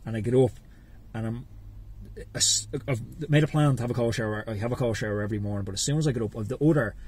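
Quick-talking husky Irish man. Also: mid-range voice. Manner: animated storyteller, acts out his inner voices. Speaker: podcast guest, cycling coach. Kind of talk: casual chat.

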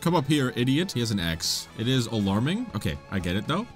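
A man's voice: mid-range voice, big pitch swings, brisk. A young man giving playful, dramatic let's-play commentary, trash-talking enemies and panicking in bursts. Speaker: gaming YouTuber. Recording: faint game music behind. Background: game music.

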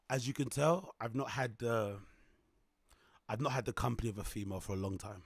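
A young man streaming, reacting loudly with rowdy shouted comments and lots of repetition. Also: medium pitch, a little fast, vocal fry, slightly rough. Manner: rowdy, shouting, repeats himself.

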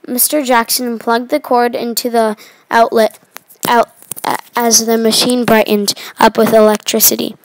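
A woman reading a story aloud, stumbling, restarting and filling pauses as she goes. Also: a little high, little pitch movement, no echo, poor audio.

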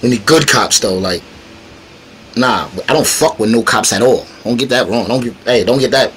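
A man chatting casually on a livestream as a battle rapper guest, animated, profane and combative, teasing the chat directly. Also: mid-range voice, normal speed, slight background noise.

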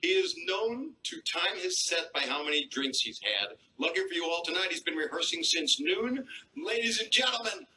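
A man's voice: high-pitched, sing-song, moderate pace, noisy background. A man hosting a comedy show on stage, introducing the next comedian with showy announcer build-ups. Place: theater stage before a live audience.

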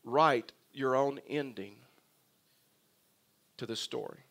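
A man, a pastor, preaching a sermon in a conversational way that turns emphatic and animated. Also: mid-range voice, slow pace, creaky.

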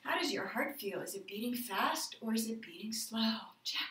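A woman teaching a children's yoga class, counting aloud and giving gentle, cheerful cues. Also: a little high, lively intonation, normal speed, echoey room, recorded from a distance, low-quality recording. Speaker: yoga instructor.

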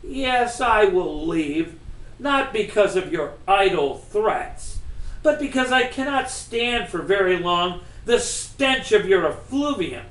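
A man voicing a calm, solemn old man who is guarding a child, in an echoey room. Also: high voice, slow, heavily acted.

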